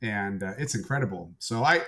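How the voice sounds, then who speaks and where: A man's voice: on the low side, lively intonation, a little fast, sharp tone. A man as a podcast guest, chatting casually and telling stories with enthusiasm. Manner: enthusiastic storyteller. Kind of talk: casual chat.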